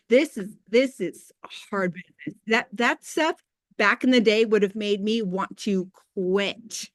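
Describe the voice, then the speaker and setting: A woman in her thirties hosting a casual motivational team call, chatty and candid, with quick asides and faith talk. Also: a little high, fairly bright tone, no echo, clean studio sound.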